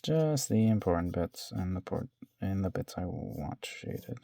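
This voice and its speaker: Brief: male drawing vlogger with a warm, low-key voice and a dry, close sound, half-muttering and whispering as he works. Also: expressive, measured pace, creaky, no echo. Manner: mumbling to himself, often dropping to a whisper; self-deprecating, swears casually. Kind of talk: casual narration while sketching.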